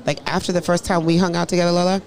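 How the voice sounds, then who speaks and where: A woman's voice: fairly low pitch, little pitch movement, very fast, a little mellow, a little hiss or hum. An American woman in her thirties, a guest professor, talking frankly in a casual chat and acting out quotes with little voices. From United States. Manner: frank storytelling, acts out quotes in other voices, swears freely.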